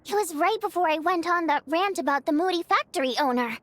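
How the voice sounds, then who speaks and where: An actress voicing a lively, chatty young female lead singer in a video game, excitable and teasing. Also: extremely high pitch, fairly quick, no room sound.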